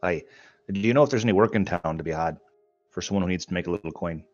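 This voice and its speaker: A deep, low voice plays a gruff but courteous dwarf wanderer in a tabletop game, put on by a man. He rolls out a mock Scottish-style accent full of old-fashioned words. The sound is dry and a little dull. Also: quick pace, dry recording, soft background music, lightly acted. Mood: polite, dry. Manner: old-fashioned speech with aye and mayhap.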